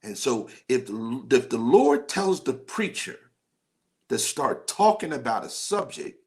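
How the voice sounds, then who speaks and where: A man's voice: mid-range voice, sing-song, unhurried. A man preaching a live-streamed sermon as pastor, conversational and exhorting, calling on his listeners by name. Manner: exhorting, conversational, calls on the audience.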